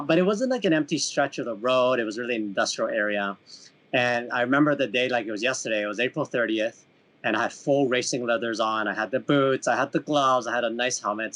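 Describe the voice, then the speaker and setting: A man's voice: medium pitch, animated, a little fast, fairly bright tone. A man in his thirties from Canada hosting a casual podcast, telling a story with many restarts and self-mocking laughs. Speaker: podcast host.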